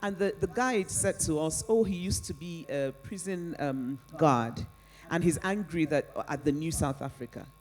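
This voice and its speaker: A woman, an author, answering audience questions on stage in an animated way, often laughing and restarting her sentences. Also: sits low, moderate pace, hardly any pauses, faint music behind. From Nigeria. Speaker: author guest at a book festival. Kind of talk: onstage conversation and audience Q&A.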